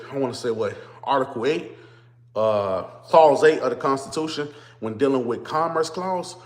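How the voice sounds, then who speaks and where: A man, talking casually to viewers on a livestream from a phone on a stand, greeting them over and over and then ranting as he explains. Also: medium pitch. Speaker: vlogger.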